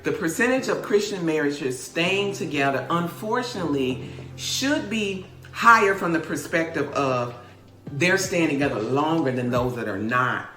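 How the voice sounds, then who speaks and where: Frank, animated woman giving marriage advice. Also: sits low, moderate pace, roomy sound, soft background music. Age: middle-aged. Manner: animated, laughs often, frank, acts out little dialogues. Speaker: host, author and speaker giving marriage advice. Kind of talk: candid family conversation.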